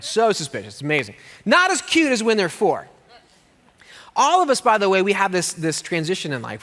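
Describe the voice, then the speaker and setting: Bright-voiced animated pastor in a hall. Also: male voice, on the high side. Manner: animated storyteller with jokes and playful put-on voices. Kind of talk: sermon. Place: church hall. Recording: long hall reverb.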